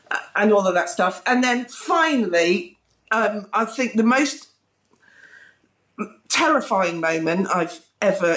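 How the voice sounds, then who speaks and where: A British woman, a former music TV presenter, telling lively anecdotes with frequent laughter in a casual interview. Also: mid-range voice, echoey room. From Britain. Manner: bubbly, laughing, animated anecdotes with mimicked quotes.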